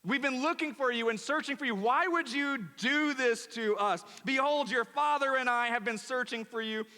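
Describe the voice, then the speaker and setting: A man's voice: very high voice, normal speed, sharp tone, in a large hall, pitched above the performer's own voice. A man voicing a distressed mother scolding her young son, indignant and pleading.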